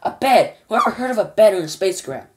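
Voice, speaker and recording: Woman reader as the President: rasping, bossy, storybook bluster. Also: very animated, quick pace, darkish tone, close to an everyday voice. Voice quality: deep and rasping. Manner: bossy, insulting, barking orders. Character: pompous shouting male President of the United States. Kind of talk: children's storybook reading.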